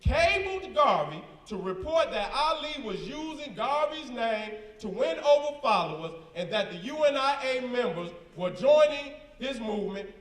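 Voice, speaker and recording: A man's voice: very high-pitched, animated, a little slow, fairly bright tone, roomy sound, distant mic. A man in a live debate, reading documents aloud with emphatic, combative slang asides. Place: event hall with a crowd.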